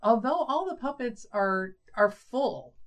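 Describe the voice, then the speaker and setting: A woman's voice: a little high, animated, unhurried. A woman guesting on a podcast, chatting and musing in casual movie commentary.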